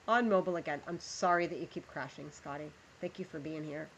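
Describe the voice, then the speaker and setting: Woman, livestreamer, lowish voice, chatty, reads a storybook aloud, faint background noise. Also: fast, creaky, few pauses, rough recording. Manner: chatty, talks to chat while playing. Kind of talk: live game commentary and storybook reading.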